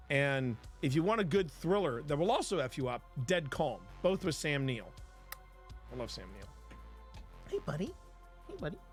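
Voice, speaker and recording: Animated, jokey male livestream host. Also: medium pitch, husky. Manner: animated, joking, rambling. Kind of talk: casual livestream chat.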